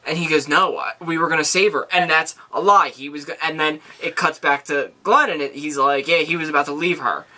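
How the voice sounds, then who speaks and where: A man's voice: fairly high pitch, steady tone, a little fast, few pauses, sharp tone. A man co-hosting a casual podcast, chiming in with jokes while recapping a TV episode. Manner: jokey, chimes in with quips. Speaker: podcast co-host.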